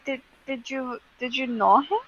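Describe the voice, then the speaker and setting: A woman's voice: high-pitched, a little slow, fairly bright tone, slightly rough, muffled recording. A woman playing in a tabletop game, asking earnest, probing questions. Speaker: player. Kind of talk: in-character tabletop role-play.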